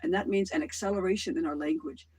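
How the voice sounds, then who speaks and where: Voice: mid-range voice, steady tone, fast, darkish tone, breathy edge, rough recording. A middle-aged livestream host in a casual monologue, rambling between claims and swearing casually.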